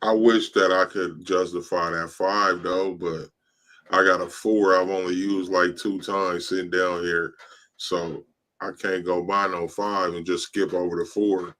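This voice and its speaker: A man with a very low voice that barely rises or falls talks about his design work in loose, laid-back phrases. He has the hiccups and keeps breaking off. It is an unhurried podcast conversation. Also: level tone, sharp tone. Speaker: podcast guest, t-shirt designer. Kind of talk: casual podcast chat.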